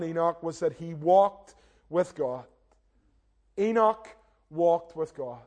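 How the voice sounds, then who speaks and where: A man's voice: high-pitched, a little mellow. A young man, preaching a sermon in an earnest, direct way and poking fun at himself. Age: young adult. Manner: earnest, direct, self-deprecating, often addresses listeners as "guys". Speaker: minister.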